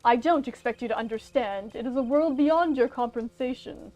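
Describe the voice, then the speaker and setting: A smug male corporate villain from a video game, put on by a woman in amateur voice acting, full of grandiose pomp. The voice sits fairly high, with faint music underneath. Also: normal speed, a little mellow, lo-fi sound, close to an everyday voice. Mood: pompous. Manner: pompous, grandiose.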